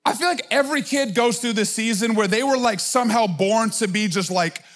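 A man's voice: sits high, brisk, a bit bright, soft background music. A man in his thirties preaching a sermon in an emphatic, conversational way, full of casual fillers. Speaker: pastor.

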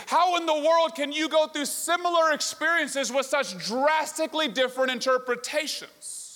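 A man's voice: extremely high pitch, moderate pace, hardly any pauses, bright, forceful tone. A man preaching a sermon, telling a story and asking the congregation rhetorical questions. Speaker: pastor. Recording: long reverb of a large hall.

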